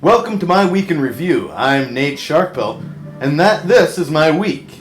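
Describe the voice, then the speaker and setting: A man playing a goofy, punning male shark who hosts a comedic late-night talk show, delivering a deadpan monologue and chuckling at his own jokes. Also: a little high, a little slow, soft background music. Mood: wry. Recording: roomy echo with faint background hum.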